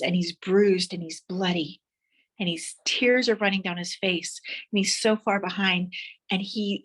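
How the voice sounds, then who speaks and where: A woman's voice: fairly low pitch, fairly bright tone. A woman giving a motivational speech, telling vivid stories and guiding listeners to imagine their dreams. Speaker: motivational speaker.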